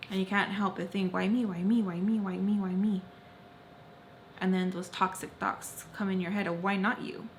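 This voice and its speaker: A young woman vlogger telling a personal story, repeating phrases intensely and swinging between loud and soft. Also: lowish voice, slight background noise. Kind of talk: emotional story-time narration.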